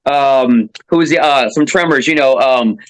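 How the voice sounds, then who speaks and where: A man's voice: medium pitch, moderate pace. A man chatting as a podcast guest, rambling and joking as he tells stories. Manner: rambling, jokey, laughs often. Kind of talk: casual podcast chat.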